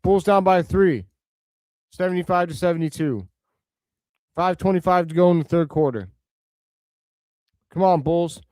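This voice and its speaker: A man hosting a live watch-along stream, giving casual play-by-play and answering viewers' comments, with excitable outbursts over big plays. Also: high-pitched, a little slow, pauses often, dry recording.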